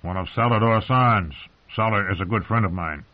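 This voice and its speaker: A man voicing a weathered older male smuggler lord who talks low, plain and firm. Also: moderate pace, close to an everyday voice. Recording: tinny phone-like sound.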